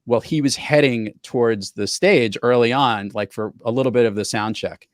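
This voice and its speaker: A man hosting a podcast in casual chat and telling anecdotes in a lively way. He is a professional speaker. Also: mid-range voice, normal speed, dry recording, studio quality. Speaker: podcast host.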